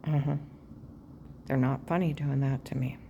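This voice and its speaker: A woman vlogger speaks in a rumbling low, steady voice at normal speed, looking into the camera during a rambling, aggrieved personal monologue. She bounces between claims and often drops to a half-whisper, with slight background noise.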